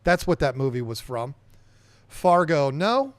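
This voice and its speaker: A man's voice: fairly high pitch, sing-song, unhurried, dry recording. A man hosting a livestream podcast, chatting casually and rambling as he reads viewer comments aloud and answers them.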